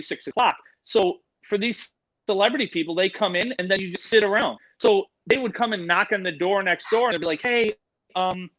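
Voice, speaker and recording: A middle-aged man, a guest on a casual podcast, telling loud, profane, animated stories. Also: sits high, rough recording. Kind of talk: casual storytelling chat.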